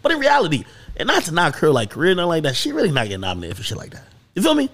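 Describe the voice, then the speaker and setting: A man hosting a casual podcast, his voice a little higher than most men's. He tells the story with big swoops in pitch, climbing to excited highs, and swears freely as he goes. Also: rapid-fire. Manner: animated storytelling, swearing, rising to high excited peaks. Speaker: podcast host.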